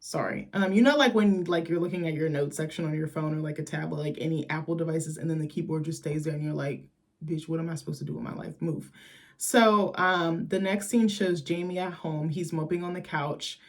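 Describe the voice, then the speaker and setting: A woman's voice: low voice, fairly quick, few pauses. A young woman casually recapping a TV episode late at night, tired but chatty and profane, acting out the characters' lines as she retells scenes. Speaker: TV recap host.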